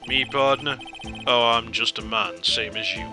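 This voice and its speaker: A man voicing a laconic cowboy detective, speaking slowly and poetically with a put-on cowboy drawl. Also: mid-range voice, over music, voice pushed down, natural voice. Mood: folksy. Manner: slow, poetic, folksy.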